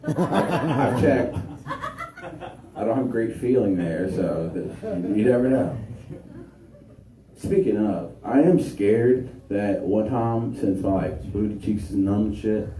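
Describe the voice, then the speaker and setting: A man's voice: on the low side, lively intonation, slow pace, warm tone. A young man doing a crude, profane stand-up set with crowd work, recorded from a distance in a noisy, echoey small venue. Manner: crude, profane, laid-back delivery. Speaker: stand-up comedian.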